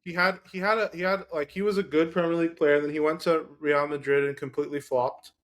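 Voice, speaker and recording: A man's voice: a little high, little pitch movement, fast, a loud crowd. A man debating football players on a casual sports podcast, arguing his case with plenty of "like" fillers. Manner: argumentative, lots of "like" fillers. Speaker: podcast co-host.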